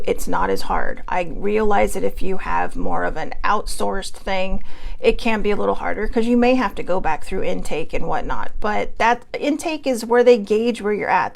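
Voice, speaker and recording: A woman's voice: mid-range voice, creaky. A woman hosting a casual livestream, chatting in a rambling, self-deprecating way from home. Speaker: host.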